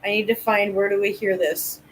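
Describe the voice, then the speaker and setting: A woman's voice: mid-range voice, fairly even intonation, a little fast, slight background noise, poor audio. A woman hosting a casual live chat about cats, playful and mock-offended. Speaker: livestream host.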